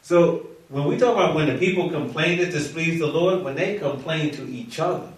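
A man leading a Bible study, reading scripture slowly and solemnly, then teaching the group conversationally with questions. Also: on the high side. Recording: echoey room, mic far off.

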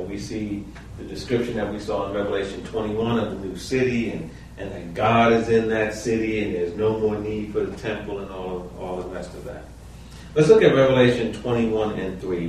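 A man's voice: lowish voice, normal speed, a little mellow, a little hiss or hum. A man leading a Bible study, talking conversationally and asking the group questions. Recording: echoey room, mic far off.

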